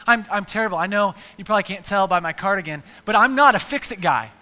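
Earnest guy preaching, high bright voice, big hall echo. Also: animated, fast. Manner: earnest, repeats words, builds to emphatic lists. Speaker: pastor. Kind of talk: sermon.

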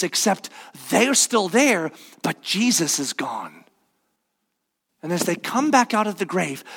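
Guy preaching, super animated, bright forceful voice, echoey church hall. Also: sits high. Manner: animated storytelling, acts out voices. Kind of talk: sermon. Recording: long hall reverb.

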